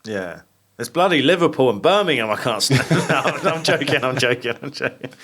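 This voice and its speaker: A man's voice: medium pitch, expressive, moderate pace, fairly bright tone, a little hiss or hum. A man from England co-hosting a podcast, chatting casually and joking, often laughing. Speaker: podcast co-host. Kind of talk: casual chat.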